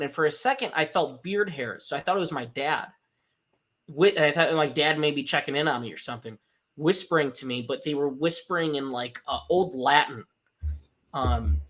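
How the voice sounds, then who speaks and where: A young man co-hosting a podcast, telling a personal story in casual chat, swearing often and restarting lines. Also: on the high side. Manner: animated, swears often, many fillers and restarts. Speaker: podcast co-host.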